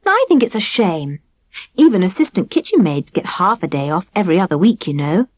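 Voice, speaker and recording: Brief: woman playing a young princess-turned-kitchen-maid for a storybook, bright, earnest, slightly prim, lively pitch. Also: fairly quick, no echo.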